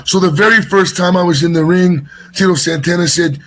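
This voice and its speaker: Male interview guest with a husky voice: chatty storyteller who keeps getting sidetracked. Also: sits high, fairly even intonation, fairly bright tone. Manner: rambling, sidetracked, fast bursts with restarts. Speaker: wrestler guest.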